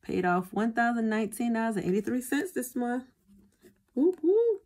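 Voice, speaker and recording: A woman's voice: a little high, fairly quick. A woman chatting casually to her viewers as a budgeting vlogger, often calling them y'all.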